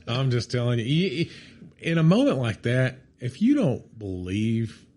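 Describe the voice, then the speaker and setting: A middle-aged man co-hosting a casual chat, telling an animated story, acting out what people said and laughing often. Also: medium pitch, unhurried. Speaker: podcast co-host.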